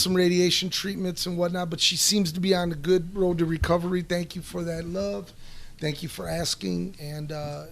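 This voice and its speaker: A middle-aged man in a casual podcast chat, telling rambling stories with swearing, restarts and fillers. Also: fairly high pitch. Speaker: podcast guest answering listener questions.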